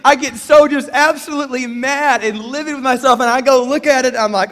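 A man pastor delivering an animated sermon, telling stories and leading call-and-response with the congregation. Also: very high-pitched, fairly quick, big-room sound. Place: church sanctuary.

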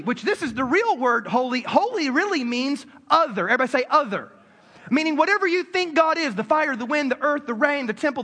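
A man's voice: very high-pitched, bright, forceful tone. A man preaching a sermon as a pastor, talking to his congregation in a loose, conversational way full of repeats and asides. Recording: long hall reverb.

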